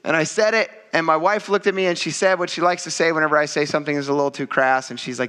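Guy preaching to his church, bright forceful voice a bit on the high side, chatty and animated. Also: quick pace. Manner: animated, acts out voices in quoted dialogue; casual, addresses congregation as "you guys". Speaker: pastor. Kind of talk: sermon.

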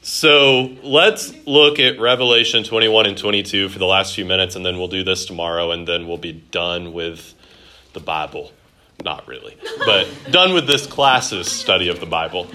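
A man's voice: deep voice, moderate pace, pushed and bright. A man teaching a Bible class in a classroom, chatty and jokey, with many fillers and restarts. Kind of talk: classroom teaching with joking asides.

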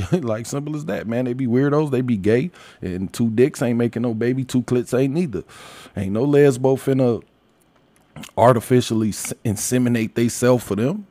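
A man's voice: medium pitch, moderate pace, no echo. Man, crude and laughing, ranting casually, dry close mic. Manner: crude, loud, laughs often. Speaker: commentator. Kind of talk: casual profane rant.

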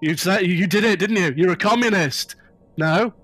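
A man voicing a clumsy warbot that screams accusations at a prisoner during a tabletop game. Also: moderate pace. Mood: shouting. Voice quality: shrill shouting. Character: clumsy male warbot, shouting interrogator.

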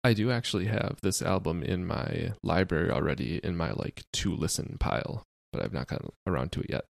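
A deadpan American podcast host with a very low, gravelly voice. He talks in dry, sarcastic asides and stops often with fillers. The recording is close and dry. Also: fairly quick, no room sound. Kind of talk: casual chat.

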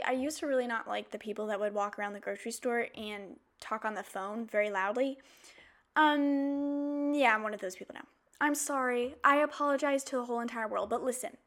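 A woman hosting a podcast, telling personal stories in a casual, animated way, with playful asides and mock outrage. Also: a little high. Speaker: podcast host. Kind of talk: casual chatty monologue.

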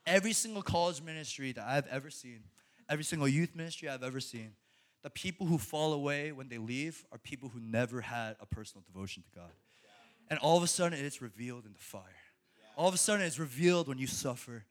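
A young man preaching a sermon to a college ministry, animated, laughing often and restarting his sentences. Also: medium pitch, fast talker.

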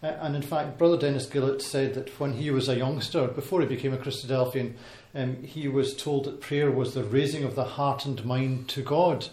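A man's voice: mid-range voice, fairly even intonation, normal speed, few pauses, a little mellow. Hesitant man giving a talk in an echoey hall. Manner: hesitant, many ums and restarts. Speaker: speaker giving a Bible talk. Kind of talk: informal talk to a congregation. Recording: echoey hall with faint noise.

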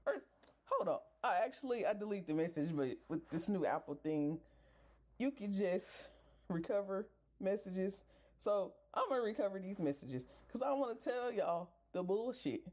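A woman's voice: medium pitch, expressive, normal speed, darkish tone. A woman podcast host telling a story in a casual rant, exasperated, swearing freely and talking straight to her listeners.

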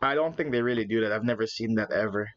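A young man co-hosting a podcast, chatting casually, swearing a lot, laughing, and telling stories in an animated way. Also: on the low side, fast talker, lo-fi sound. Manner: profane, laughing, animated storyteller. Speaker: podcast co-host. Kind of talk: casual chat.

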